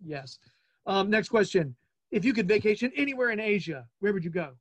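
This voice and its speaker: A man in his forties hosting a casual interview, playful and chatty, with quick asides. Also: sits high, lively intonation. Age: 40s. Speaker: podcast host.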